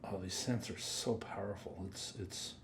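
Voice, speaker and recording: A man giving a casual, rambling first-impressions review of perfumes, chatty and drifting into quiet mutters as he sniffs. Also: on the low side, fairly even intonation, unhurried, gravelly, slight background noise. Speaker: fragrance reviewer.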